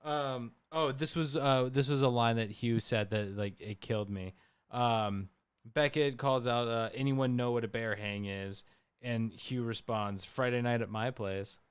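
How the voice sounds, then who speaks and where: Smooth-voiced man chatting about movies. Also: medium pitch, a little slow, no echo. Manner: animated, trails off and restarts. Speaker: podcast co-host. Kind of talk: casual movie discussion.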